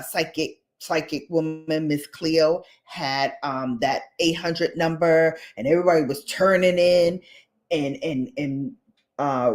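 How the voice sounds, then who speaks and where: A woman's voice: low-pitched, a little mellow. A woman vlogger in casual, gossipy chat, talking straight to her viewers with playful asides. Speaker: beauty vlogger.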